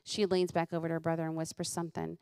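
A middle-aged woman, a comedian host telling lively, funny stories about her kids and laughing at them. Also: low-pitched, rapid-fire, vocal fry, smooth, no room sound, clean studio sound. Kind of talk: comedic storytelling.

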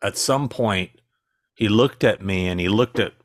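A man's voice: fairly low pitch, measured pace, no room sound. A man with a dry, sarcastic sense of humor, telling stories as a guest in a casual podcast interview.

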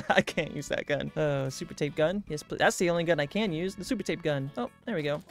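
A man giving let's-play commentary, excitable, gasping and talking to himself as he plays. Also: a little high, fairly quick, gravelly, soft background music. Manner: excitable, gasps and talks to himself. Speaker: gaming YouTuber.

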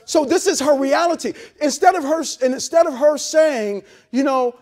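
Male pastor with a very high voice, preaching in a loose, chatty sermon style with blunt jokes and call-and-response. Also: normal speed, a little mellow. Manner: conversational preaching with frequent repeats and call-and-response; blunt, joking asides to the congregation. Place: church service held in a hotel venue.

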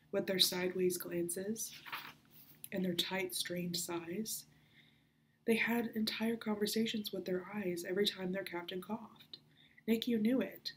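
A woman librarian reading a children's novel aloud in a soft, hushed storytelling voice that often drops to a whisper. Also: fairly low pitch, gravelly, a little hiss or hum, poor audio.

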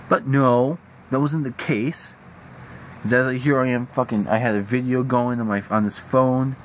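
Young male vlogger, angry profane rant, animated delivery, light background noise. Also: mid-range voice, low-quality recording. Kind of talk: venting rant. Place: at home indoors.

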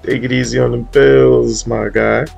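A man's voice: mid-range voice, level tone, unhurried, gravelly, darkish tone, breathy edge, highs cut off, faint music behind. A man giving laid-back, slangy commentary in a gaming vlog, talking straight to his viewers. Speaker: roleplay gamer showing off his cars.

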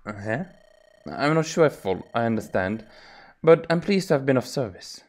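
A man voicing a gentle, earnest young noblewoman who talks courteously with small hesitations. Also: mid-range voice, expressive, normal speed, natural voice. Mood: polite.

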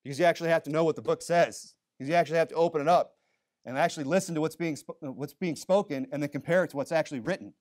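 A man preaching a sermon in a church, emphatic, asking rhetorical questions and dropping low to stress a point. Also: racing, darkish tone.

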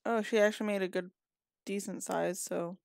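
A woman's voice: medium pitch, steady tone, moderate pace, creaky, darkish tone, dry recording, clean studio sound. A woman giving casual gameplay commentary, chatty and scolding her characters, a little sniffly and yawning. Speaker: gaming video creator.

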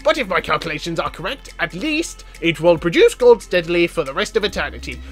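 A man voicing an eager, eccentric court scientist in a video game, reading with fussy excitement. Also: high-pitched, brisk, soft background music.

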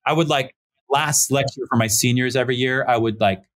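A pastor in his thirties, calling into a podcast remotely, shares a personal story in a relaxed, chatty interview style, full of fillers. He performs the people he quotes by raising his voice for each. His ordinary male pitch comes with a brisk pace and a fairly bright tone.

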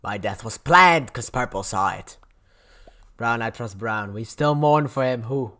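Young male let's-player, excitable and profane, very animated delivery. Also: medium pitch, measured pace. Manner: excitable, swings from mutters to yelling and swearing. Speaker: gameplay commentator. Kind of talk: casual gaming commentary.

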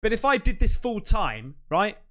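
A man's voice: sits high, big pitch swings, normal speed, fairly bright tone. A man hosting a reaction video, talking in a brash, boastful way and swearing often. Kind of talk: casual reaction commentary.

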